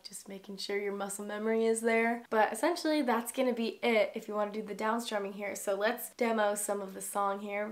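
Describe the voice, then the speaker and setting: A young woman giving a casual guitar lesson, calling out long and short strums as she plays. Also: on the high side. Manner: explains strumming patterns, counting long and short. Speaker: guitar teacher. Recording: loud guitar playing throughout.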